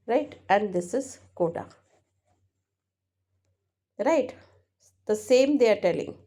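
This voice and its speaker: A woman teaching linguistics, explaining exam answers slowly and repeating points, often checking with "right?". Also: medium pitch, mellow. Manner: slow, repetitive, keeps checking with "right?". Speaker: English teacher.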